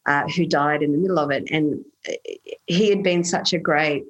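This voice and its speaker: A woman's voice: low voice, moderate pace, low-quality recording. A woman, speaking earnestly as an interview guest and telling stories about parenting. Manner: earnest, animated storytelling with laughs. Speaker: guest, autism awareness advocate. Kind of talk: conversational interview.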